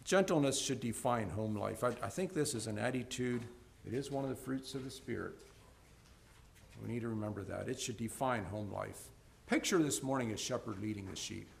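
A man preaching a sermon to a congregation. He swings between loud, emphatic peaks and low, soft stretches, and often repeats words as he restarts. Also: brisk, vocal fry, a little hiss or hum.

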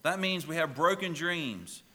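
A pastor preaching a sermon, telling a children's story with lively, emphatic delivery. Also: male voice, a little high, unhurried, long reverb tail.

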